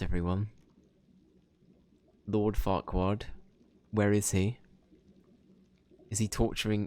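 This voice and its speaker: A man's voice: fairly low pitch, a little mellow. A man streaming a video game, reading its dialogue aloud with casual, joking asides. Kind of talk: casual let's-play commentary.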